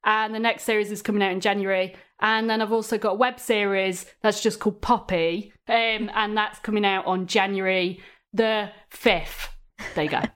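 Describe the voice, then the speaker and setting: Woman podcast guest, comedian, mid-pitched, loose giggly rambling delivery. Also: steady tone, normal speed, fairly bright tone, clear, resonant tone. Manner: giggly, rambling, lots of fillers. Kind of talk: casual chat.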